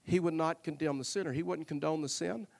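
A man's voice: a little high, brisk, gravelly. A male pastor preaching a sermon, telling a personal story earnestly and with humor, often repeating words as he goes.

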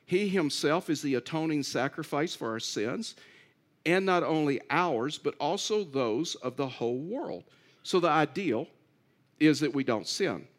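A man's voice: a little high, animated, a little slow. A man preaching a sermon in an earnest way, repeating key phrases and rising to emphatic pleas. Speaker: pastor.

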